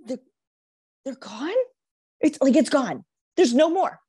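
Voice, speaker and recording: A woman's voice: high-pitched, lively intonation, takes it slowly, mellow, no room sound, pitched above the performer's own voice. Woman playing a gushing, overjoyed friend. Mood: ecstatic. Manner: gushing, gasping, repeats exclamations. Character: overjoyed woman friend hearing great news. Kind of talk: acted demonstration.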